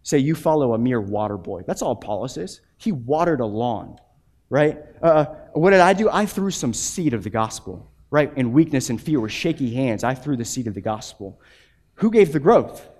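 A man in his thirties preaching a sermon as a pastor, animated, often repeating words and acting out quotes. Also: medium pitch, normal speed.

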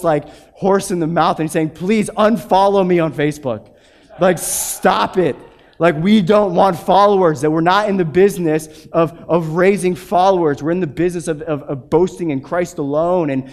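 A man in his thirties preaching a sermon as a pastor, animated, often repeating words and acting out quotes. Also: on the high side.

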